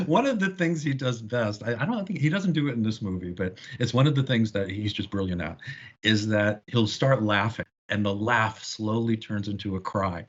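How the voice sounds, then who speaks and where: A man's voice: fairly low pitch, normal speed, dull audio. A man as a guest film historian in a casual podcast discussion, telling stories with knowledgeable enthusiasm. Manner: animated, knowledgeable storyteller.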